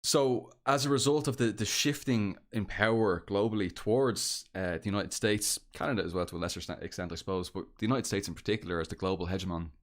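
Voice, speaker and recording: A man's voice: fairly low pitch, fast, hardly any pauses. An Irish man chatting casually on a podcast, rambling with many fillers and restarts. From Ireland. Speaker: podcast guest. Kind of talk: casual chat.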